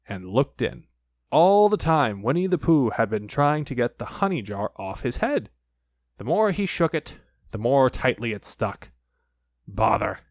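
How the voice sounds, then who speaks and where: A man reading a children's storybook aloud, with lively, expressive storytelling. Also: mid-range voice, no echo, clean studio sound. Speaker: audiobook narrator.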